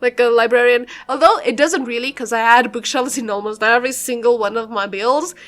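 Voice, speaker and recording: A woman's voice: on the high side, brisk, a bit bright. A young woman talking through a game build in a casual voiceover, rambling and giggly with lots of fillers. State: a bit out of breath.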